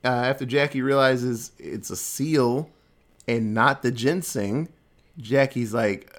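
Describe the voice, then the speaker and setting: A man talking through a movie plot in an easygoing, joking way, slipping into little voices for the characters. His pitch sits in an ordinary middle range for a man. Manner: laid-back, jokey, acts out characters in quick asides. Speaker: podcast host recapping a film. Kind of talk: casual chat.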